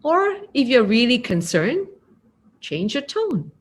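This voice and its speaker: A woman with a Singaporean accent giving a gentle mindfulness talk, acting out example phrasings. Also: fairly high pitch, very animated, slow pace. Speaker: meditation teacher.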